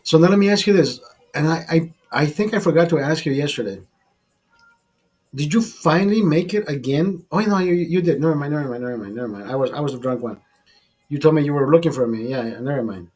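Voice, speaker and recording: A man's voice: fairly high pitch, expressive, fast talker, darkish tone, soft background music. A man hosting a casual drinking livestream, telling a rambling, profane bar story to his viewers. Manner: profane, rambling anecdote teller. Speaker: livestream host.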